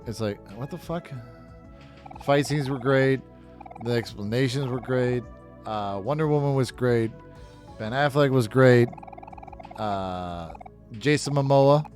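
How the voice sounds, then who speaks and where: A man's voice: mid-range voice, takes it slowly, pauses often, a little mellow, soft background music. Profane rambling man talking games. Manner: rambling, profane, blunt opinions. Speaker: gaming video host. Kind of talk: casual let's-play commentary.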